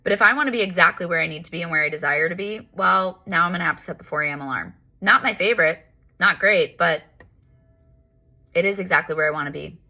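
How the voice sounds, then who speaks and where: A woman giving a casual, reflective self-help monologue as a spiritual life coach, animated and emphatic, repeating herself for effect. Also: on the low side, fast.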